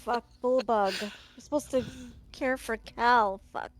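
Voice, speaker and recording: A woman playing in a tabletop game, expressive and swearing often. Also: fairly high pitch, measured pace. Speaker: player.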